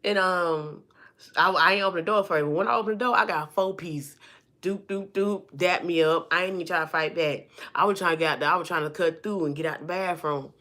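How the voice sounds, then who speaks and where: A woman vlogger telling a personal story to her viewers in a lively, chatty way, calling them y'all and honey and acting out the people in it. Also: on the low side, brisk. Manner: acts out the people in her stories.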